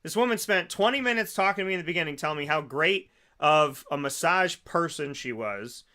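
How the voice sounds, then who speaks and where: A man hosting a radio show, telling a comic story in a lively way and acting out the people in it. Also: fairly high pitch, fairly quick. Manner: animated, acts out quotes in other voices. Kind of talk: comedic storytelling monologue.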